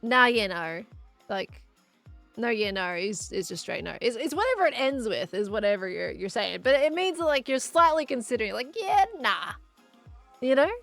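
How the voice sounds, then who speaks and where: Casual Australian woman streamer, slightly high and a touch gravelly, with chatty, playful asides to chat. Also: expressive, moderate pace, fairly bright tone, faint music behind. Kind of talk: casual live-stream chat while gaming.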